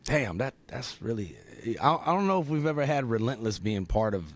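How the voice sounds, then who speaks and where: Enthusiastic male podcast host, animated and repetitive, mid-pitched voice. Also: a little fast. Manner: animated, enthusiastic, repeats himself. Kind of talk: casual podcast chat.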